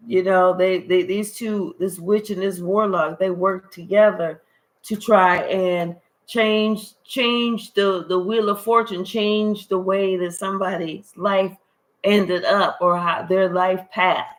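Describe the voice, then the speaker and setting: A woman delivers a spiritual card reading straight to her viewers at a mid-range pitch. Her talk is emphatic and repetitive, full of swearing, and it climbs into high, exasperated outbursts. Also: steady tone, slow pace, low-quality recording. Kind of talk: intuitive reading monologue to viewers.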